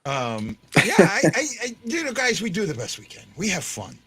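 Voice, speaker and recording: Brief: man, emphatic hockey show host, high bright voice, very lively delivery. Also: moderate pace, husky. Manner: argumentative, emphatic. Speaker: podcast host. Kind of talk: casual sports talk.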